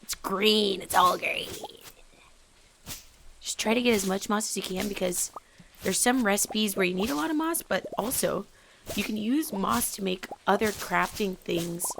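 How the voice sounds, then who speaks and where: A woman hosting a casual let's play, chatting excitedly and sometimes dropping into whispers as she plays. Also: mid-range voice, a little slow, creaky, background noise. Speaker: gaming channel host.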